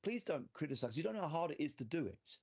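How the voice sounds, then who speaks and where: A man hosting a podcast who talks fast with a slightly high voice. He chats casually and jumps in with quick agreement. The sound is dull and lo-fi. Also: very animated, darkish tone, husky, no room sound. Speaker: podcast host. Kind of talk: casual interview chat.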